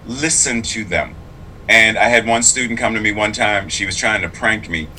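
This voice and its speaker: A man's voice: fairly low pitch, moderate pace, bright, forceful tone, a little hiss or hum, poor audio. A man who is both clergy and a public school teacher, speaking in a casual interview in an earnest, reflective and emphatic way.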